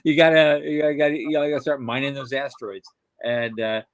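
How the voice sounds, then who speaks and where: A man's voice: medium pitch, fast. Older man joking in casual chat. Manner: joking, lively storyteller. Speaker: podcast co-host.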